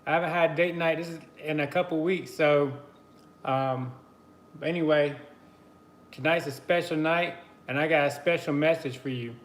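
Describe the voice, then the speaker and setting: A man's voice: on the high side, steady tone, normal speed, echoey room. A man hosting a casual live stream, chatty and greeting his viewers by name between easy laughs. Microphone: computer mic on a live stream.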